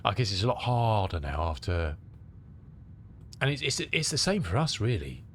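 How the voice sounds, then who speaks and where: Answering his stream's comments in a rambling, casual way, a middle-aged man from England who streams flight sims has a cold. His voice is on the low side with big pitch swings at normal speed, and there's a little hiss or hum.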